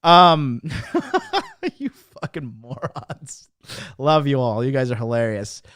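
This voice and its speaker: A man's voice: medium pitch, sing-song, takes it slowly, fairly bright tone, no room sound, studio quality. A man in his thirties hosting a live stream, talking casually in an emphatic, profane, preachy way. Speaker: host.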